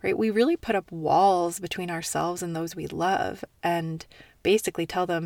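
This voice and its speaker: A woman talks in a soft, earnest, confiding way, her voice slightly low and at times sinking to a near-whisper. She is set a little back from the microphone in a dry, dead-sounding room. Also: fairly even intonation, moderate pace, gravelly, dry recording, recorded from a distance. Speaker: podcast host. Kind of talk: intimate personal monologue.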